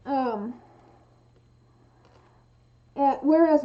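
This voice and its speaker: Her voice sits high and moves fairly fast, warm in tone but with the highs cut off, and she pauses often. This western American streamer chats loosely while crafting resin dice, restarting sentences, filling gaps, and clipping her -ing endings.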